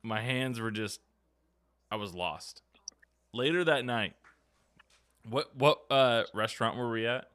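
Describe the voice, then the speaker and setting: A man's voice: medium pitch, takes it slowly, pauses often, fairly bright tone, clean tone, no room sound. A man hosting a podcast, telling a story in casual chat, acting out quotes and swearing freely. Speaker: podcast host. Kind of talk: casual chat, animated anecdote.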